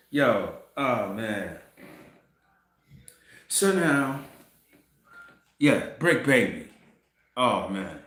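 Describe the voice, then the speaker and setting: A man hosting a casual commentary monologue, telling a story in an animated way, laughing and swearing as he goes. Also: mid-range voice, extremely slow, long pauses, echoey room, slight background noise. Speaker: commentary host.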